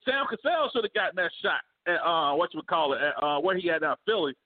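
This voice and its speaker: High-pitched man, sports talk co-host, lively and slangy, heard over a phone-like call. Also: fast. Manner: animated, laughs often, slangy. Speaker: podcast co-host. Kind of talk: casual sports debate. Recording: phone-like remote call audio.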